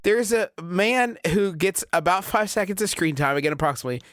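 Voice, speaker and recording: A man co-hosting a podcast, giving wry, measured commentary on a movie. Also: high voice, expressive. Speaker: podcast co-host. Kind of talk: casual podcast chat.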